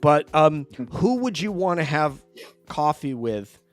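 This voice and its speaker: A man from New York hosting a casual video call chat, jokey and quick to laugh, often trailing off mid-sentence. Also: fairly high pitch, sing-song, soft background music. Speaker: host.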